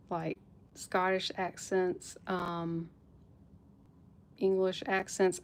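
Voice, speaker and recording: A woman hosting a live jewelry sale stream, chatting casually with viewers by name and laughing often. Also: medium pitch. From United States.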